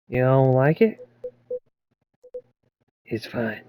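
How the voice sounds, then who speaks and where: A man's voice: medium pitch, measured pace, long pauses, mellow, no echo, low-quality recording. A man playing through a story game and reading every character's lines aloud, mostly in his own voice. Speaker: game player voicing the characters. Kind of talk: playthrough voice acting.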